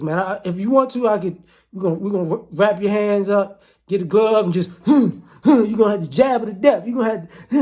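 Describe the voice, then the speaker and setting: A woman with a fairly high voice talks to camera in a loose, rambling vlog. She teases her listeners and circles back over the same phrases again and again. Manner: teasing, rambling, repeats itself. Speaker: vlogger. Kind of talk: casual commentary.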